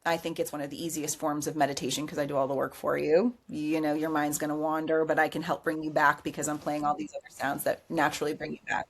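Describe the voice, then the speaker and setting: A woman's voice: sits low, fast, few pauses. A woman who is a meditation teacher and sound healer, a guest in a casual chat, telling stories animatedly and acting out what others said. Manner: animated storyteller, emotional, acts out quotes. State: tearful at times. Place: recording studio.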